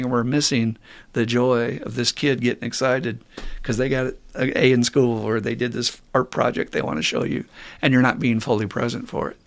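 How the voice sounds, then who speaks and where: A middle-aged man hosting a podcast as a therapist, talking candidly and bluntly with some swearing, getting loud and animated when he makes a point. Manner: animated, rising loud and high when mimicking people. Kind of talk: casual podcast monologue.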